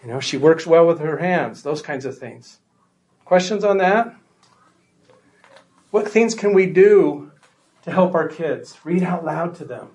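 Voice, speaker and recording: A man with a somewhat high voice gives a workshop talk to parents, conversational and emphatic, often pausing to check that the room follows him. He is caught from a distance, and the room adds a noticeable echo around his voice. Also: expressive, a little mellow.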